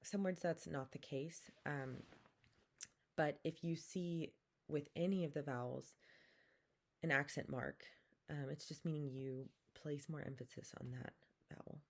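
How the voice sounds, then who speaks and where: A woman teaching a language lesson, saying each vowel slowly and repeating words for the listener to copy. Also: deep voice, steady tone. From Pacific Northwest, Coast Salish community. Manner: slow and careful, repeats each sound, drawn-out demonstrations. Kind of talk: slow, patient vowel lesson with call-and-repeat.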